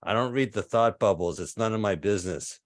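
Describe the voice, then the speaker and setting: A man in his fifties performing a stand-up set over a video call, delivering absurd one-liners in a deadpan way. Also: on the low side, fairly quick, no echo, clean studio sound. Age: 50s. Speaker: stand-up comedian.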